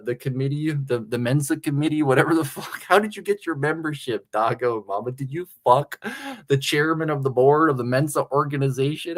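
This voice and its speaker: Crude rambling streamer guy. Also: mid-range voice. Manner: crude, rambling, laughs often. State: slightly tipsy. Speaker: livestream host. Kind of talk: casual livestream chat.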